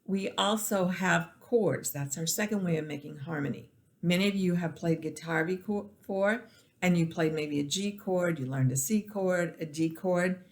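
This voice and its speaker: A woman's voice: lowish voice, measured pace. A woman music teacher giving a recorded classroom lecture, explaining patiently with restarts and counting beats aloud to show the rhythm.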